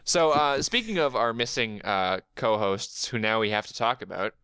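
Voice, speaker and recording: A man's voice: on the low side, animated, moderate pace, sharp tone, clear, resonant tone, dry recording, clean studio sound. A young man hosting a casual podcast, joking and rambling with lots of fillers. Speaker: podcast host. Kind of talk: casual chat.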